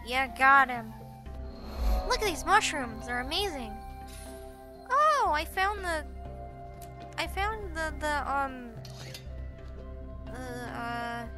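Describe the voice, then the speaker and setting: A woman casually commenting while she plays a game, chatty and excitable, often giggling. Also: high-pitched. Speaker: gameplay channel host. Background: game music.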